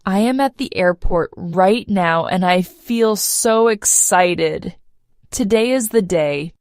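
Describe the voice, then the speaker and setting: A woman narrating a simple first-person story for English learners, clear and measured. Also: medium pitch, darkish tone, no room sound, clean studio sound. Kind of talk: slow read-aloud story for learners.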